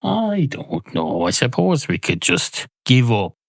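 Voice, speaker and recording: A man's voice: medium pitch, wildly swooping pitch, slow pace, dry recording, clean studio sound, heavily acted. A man doing a glum, weary barman. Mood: resigned. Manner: mopey and resigned.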